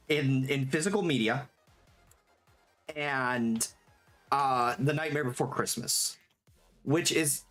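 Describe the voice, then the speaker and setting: A live streamer chatting casually while working, reading chat aloud, swearing freely and quick to get excited and laugh. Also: mid-range voice. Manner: gets excitable and laughs easily. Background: faint background music.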